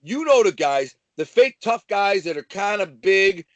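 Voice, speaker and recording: Unhurried and casual, a high-voiced Detroit man swaggers through his stories as a guest, breaking into spirited, profane tangents. There's no echo; the sound is close and dry.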